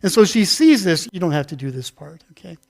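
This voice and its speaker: A man with a fairly high voice preaches a loose, conversational sermon in a church sanctuary. He chats with the congregation, pokes fun at his own mix-ups, and acts out the story with volunteers. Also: very animated, a little fast, gravelly, darkish tone. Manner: chatty, self-deprecating, acts out the story with volunteers. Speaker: pastor. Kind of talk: casual interactive sermon.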